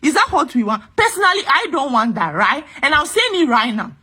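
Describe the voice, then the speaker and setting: A woman's voice: high-pitched, big pitch swings, fairly quick, sharp tone. A woman from Ghana with a Ghanaian accent, speaking in an angry, impassioned vlog rant and repeating her points with emphasis. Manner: exasperated, emphatic, repeats herself. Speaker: vlogger.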